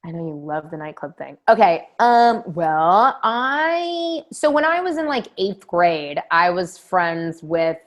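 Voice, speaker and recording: A woman in her thirties from San Francisco chats on a podcast. Her voice sits a little low. She rambles from story to story and swears freely. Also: sing-song, slow, hardly any pauses. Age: 30s. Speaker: guest. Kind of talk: casual podcast chat.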